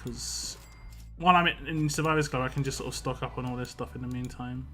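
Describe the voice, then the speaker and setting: A man's voice: medium pitch, fairly even intonation, brisk, fairly bright tone, faint music behind. A British man chatting casually while live-streaming a mobile game and reading out viewer comments in a rambling, chatty way. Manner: chatty, rambling, reads chat comments aloud.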